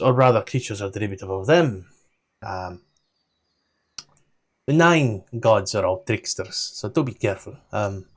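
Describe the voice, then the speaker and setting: A man with a Scottish accent running a tabletop game, rambling casually as he looks things up. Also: on the low side. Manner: relaxed, rambling, flipping through notes aloud. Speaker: game master.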